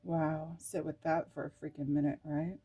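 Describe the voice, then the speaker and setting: A woman's voice: low voice, level tone, moderate pace, mellow, slightly rough. A middle-aged woman giving an emotional tarot card reading, reading card meanings aloud and breaking into laughs and tearful asides. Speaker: tarot reader.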